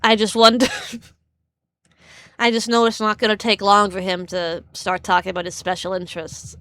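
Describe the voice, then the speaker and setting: A woman's voice: medium pitch, level tone, moderate pace, fairly bright tone, no room sound, clean studio sound. A woman streamer chatting casually, rambling and stammering with frequent laughs. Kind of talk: casual live-stream chat.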